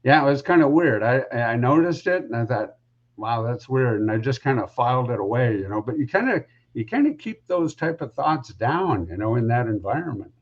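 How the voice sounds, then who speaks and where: A man's voice: mid-range voice, big pitch swings, brisk, few pauses, dull audio. A man who is a podcast guest, telling a story casually and rambling with lots of asides.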